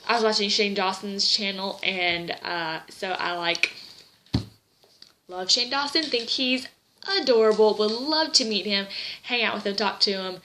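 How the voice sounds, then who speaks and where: A woman's voice: mid-range voice, measured pace, sharp tone, a little hiss or hum, low-quality recording. A young woman vlogging in a casual, rambling chat, gushing and a little tearful. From Southern United States.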